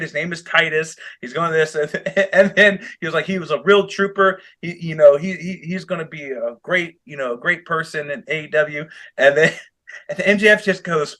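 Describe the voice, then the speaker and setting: A man co-hosting a casual podcast, talking in a bright and forceful voice that sits a bit high. He tells stories with lots of energy, swears freely and laughs often. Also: normal speed. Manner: animated storyteller, swears a lot, laughs often. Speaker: podcast co-host. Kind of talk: casual chat.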